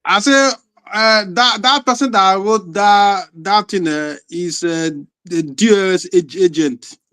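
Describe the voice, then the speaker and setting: Halting Nigerian male caller, crisp dry voice. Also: sits high, a bit bright, dry recording. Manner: halting, hesitant.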